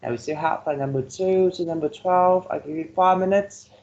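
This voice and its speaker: A male English teacher with a Vietnamese accent gives a slow online class lecture in a fairly high, slightly mellow voice. After almost every phrase he checks in with "okay" or "right?" to gauge understanding, and the audio sounds dull.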